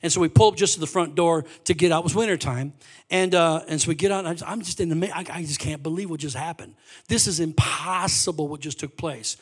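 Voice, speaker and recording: A man preaching a sermon as pastor, telling a personal story with animated swings from quiet asides to loud exclamations. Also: on the high side, fast, husky.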